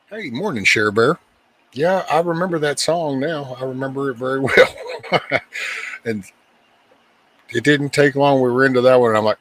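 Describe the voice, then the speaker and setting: A man's voice: mid-range voice, moderate pace, pauses often, low-quality recording. A man hosting a casual show, talking in a laid-back way and muttering and humming to himself between songs. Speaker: host. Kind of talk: casual chat.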